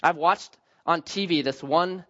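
A man's voice: on the high side, unhurried, sharp tone, lo-fi sound. A man preaching a sermon as pastor, telling stories with self-mocking jokes. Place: church sanctuary.

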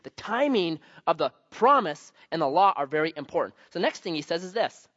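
A man's voice: a little high, big pitch swings, a little fast, dry recording, dull audio. A male pastor preaching a sermon in a conversational, emphatic way, mixing teaching with personal stories. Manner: conversational, emphatic, varies loudness for stress. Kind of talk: sermon with anecdotes.

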